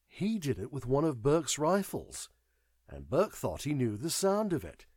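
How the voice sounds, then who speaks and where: A man voicing a detached, knowing man who speaks in a measured, wry way. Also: mid-range voice, huge pitch swings, a little mellow, breathy edge, dry recording, studio quality, exaggerated voice. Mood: calm. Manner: measured, wry, world-weary.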